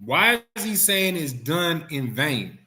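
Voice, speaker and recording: A man as coaxing, bright-voiced class teacher. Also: a little high, sing-song, a little hiss or hum. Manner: coaxing, repeats himself, reads scripture slowly. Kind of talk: teaching a class, questioning students.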